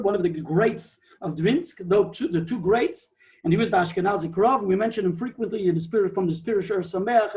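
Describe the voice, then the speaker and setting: A man, a rabbi, giving a digressive, animated Talmudic lecture peppered with Hebrew and Yiddish terms. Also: high voice. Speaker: rabbi teaching a Torah class.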